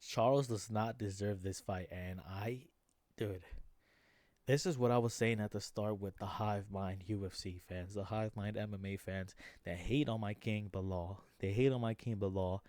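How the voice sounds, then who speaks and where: A man's voice: lowish voice, fairly even intonation, normal speed, darkish tone, no echo. A young man ranting in casual reaction commentary about fights, slangy and frustrated, saying "bro" a lot. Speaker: MMA vlogger.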